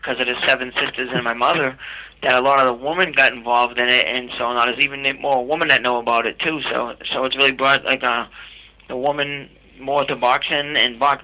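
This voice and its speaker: A man talking casually as a guest over a phone line, halting and repeating words as he goes. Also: mid-range voice, bright, forceful tone.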